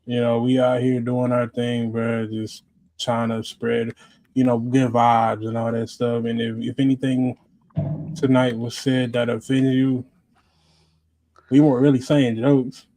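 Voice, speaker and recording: A man's voice: mid-range voice, level tone, unhurried, mellow, no echo, low-quality recording. A man co-hosting a casual livestream, laid-back and hesitant, with many "um"s. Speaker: podcast co-host.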